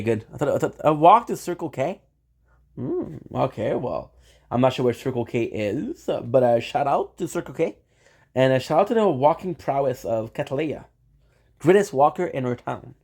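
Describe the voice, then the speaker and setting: A man's voice: mid-range voice, gravelly, darkish tone, slightly rough. A man live-streaming, rambling playfully and talking straight to his viewers. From Canada. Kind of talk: casual live-stream chat.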